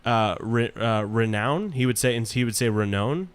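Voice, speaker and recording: A man's voice: medium pitch, flat delivery, a little fast, clear, resonant tone. A man chatting as a podcast guest, blunt and argumentative, swearing casually.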